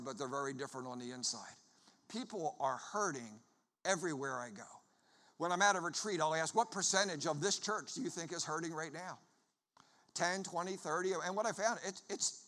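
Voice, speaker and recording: A traveling preacher from the Philadelphia area, a man with a high, bright voice, tells stories and jokes with the congregation. His voice rings through the long reverb of a church hall. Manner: lively storyteller, jokes with the crowd. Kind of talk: sermon with humorous storytelling.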